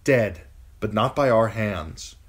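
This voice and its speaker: Brief: man voicing stern, urgent noblewoman, high and forceful for an audiobook reading. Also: expressive, takes it slowly. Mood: commanding. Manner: raised pitch, urgent commanding delivery. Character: noble widowed lady, commanding and urgent.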